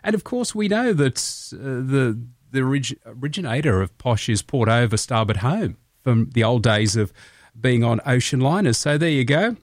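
A man's voice: medium pitch, animated, moderate pace, dry recording, clean studio sound. An Australian man hosting a breakfast radio show, chatting in a jokey way and laughing at his own asides.

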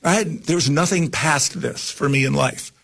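Gravelly older man telling a story. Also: fairly high pitch, moderate pace. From New Jersey. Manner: animated, rambling with restarts and asides. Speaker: guest. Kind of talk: casual storytelling on a talk show.

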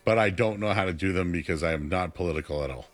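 A young man co-hosting a casual sports talk show, chatty and animated, his voice jumping up when he gets excited. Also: low voice, quick pace, soft background music. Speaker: sports radio co-host.

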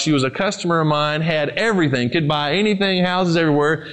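A man preaching a sermon. He talks straight to his congregation and asks them questions, rising to emphatic lines and then dropping to low, quiet ones. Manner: speaks to the congregation directly, with questions. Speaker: pastor.

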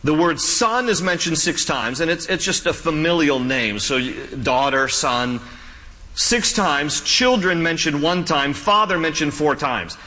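A man's voice: a little high, lively intonation, unhurried, bright, forceful tone, big-room sound, poor audio. A man preaching a sermon as pastor, folksy and joking, often restarting his sentences.

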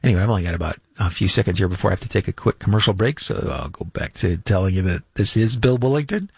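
Older male finance radio host, low raspy voice, loose chatty delivery full of ums and restarts, dry studio sound. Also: fast talker, darkish tone, no room sound. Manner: rambling, chuckles, many fillers and restarts. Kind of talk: casual unscripted radio talk.

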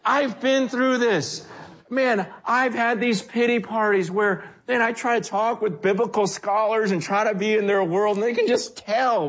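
High-voiced man preaching conversationally. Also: measured pace. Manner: conversational, animated preaching with acted quotes. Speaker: pastor. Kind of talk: sermon.

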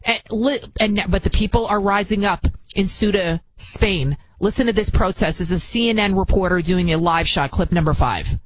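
A woman's voice: medium pitch, moderate pace, few pauses, rough recording. A woman hosting an opinion commentary show, indignant and prone to repeating words when heated.

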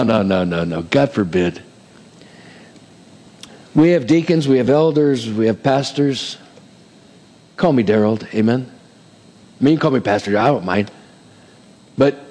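A man's voice: medium pitch, animated, unhurried, long pauses, darkish tone, long reverb tail. A middle-aged man preaching a sermon as pastor, chatty, with frequent "amen?" asides and playful humor. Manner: acts out quoted voices, self-deprecating humor.

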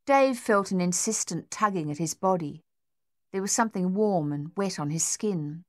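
Steady and measured, a woman with a fairly low voice reads an audiobook script aloud. The recording is close and dry, without any room sound.

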